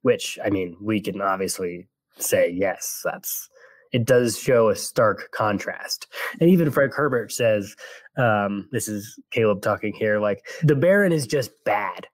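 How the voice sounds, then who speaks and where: A young man from California with a General American accent, co-hosting a casual podcast and rambling with quick restarts. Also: on the low side, lively intonation, no room sound. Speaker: podcast co-host.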